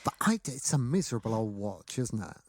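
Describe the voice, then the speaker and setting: A man's voice: fairly low pitch, fairly quick. A man co-hosting a podcast, chatting casually and wryly, acting out little scenes. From Britain. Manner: wry, animated, acts out quoted scenes. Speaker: podcast co-host. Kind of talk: casual chat.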